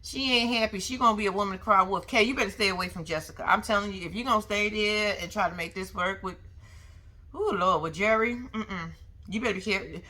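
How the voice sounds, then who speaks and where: A woman's voice: medium pitch, fast, pushed and bright. A young woman recapping a reality show in a sassy, slangy way, talking back to the people on it and making frequent asides to her viewers. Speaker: vlogger.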